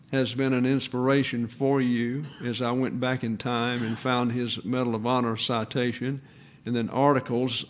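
A man in his eighties, a pastor giving a sermon in an earnest, measured way with pauses. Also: medium pitch. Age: 80s.

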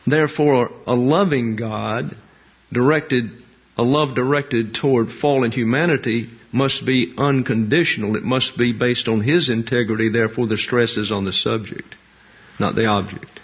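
A man preaching a doctrinal sermon in a measured, emphatic way, listing terms one by one. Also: mid-range voice, fairly even intonation, husky. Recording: dull lo-fi sound.

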